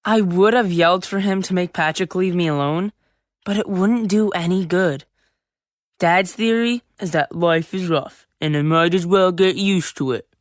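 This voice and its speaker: A woman playing a seventh-grade boy who narrates his own story in a full-cast audiobook, lively and chatty with sudden yells. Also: lowish voice, moderate pace, no room sound, close to an everyday voice. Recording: dry close studio sound.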